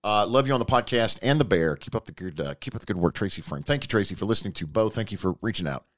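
Male podcast host, low and animated, folksy rambler, faint music behind. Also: quick pace. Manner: rambling, folksy, repeats himself. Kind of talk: casual podcast chat.

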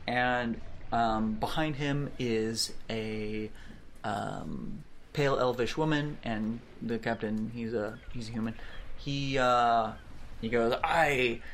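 A man's voice: medium pitch, slow, gravelly, slight background noise. A man narrating a tabletop game as game master, in a hesitant, filler-heavy way.

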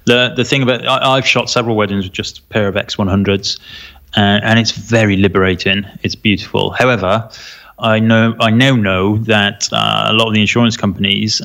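A man co-hosting a casual photography podcast, reading listener questions with a relaxed, joking manner. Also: lowish voice, fairly quick, creaky. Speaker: podcast co-host, wedding photographer.

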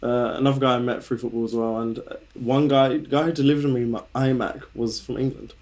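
A man's voice: mid-range voice, fairly even intonation, a little fast, a little mellow. A young man on a podcast, chatting eagerly with lots of "like" fillers. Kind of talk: casual podcast chat.

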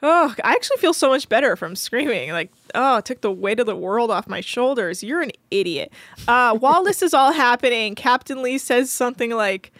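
A woman co-hosting a podcast in casual chat, recapping a reality show with playful, crude jokes and quick mimicry. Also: on the high side, lively intonation, fairly bright tone, no echo. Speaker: podcast co-host.

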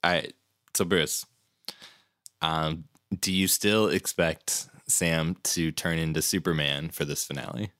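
A man with an extremely deep voice asks questions on a casual podcast, pausing on fillers as he goes. The sound is dry and close. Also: fairly even intonation, fairly bright tone, dry recording. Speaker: podcast co-host.

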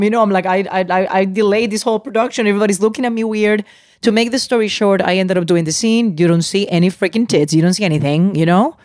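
A woman's voice: medium pitch, a little fast, dry recording. Candid woman in her forties, dry sound. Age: 40s. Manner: animated, frequent restarts and asides. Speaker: actress guest. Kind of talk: candid storytelling.

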